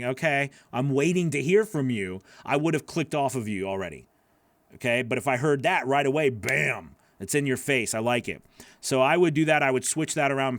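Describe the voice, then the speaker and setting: A man's voice: medium pitch, fairly bright tone, no echo. A man coaching voice-over artists, reviewing their work live in a chatty, encouraging way with lots of fillers.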